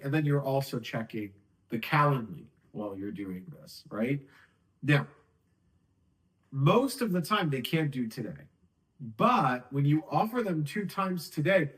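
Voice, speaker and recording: A man teaching a sales technique in a casual, conversational way, acting out phone lines and slowing down to demonstrate them. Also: a little high, poor audio. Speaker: sales coach. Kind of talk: casual talking-head tutorial.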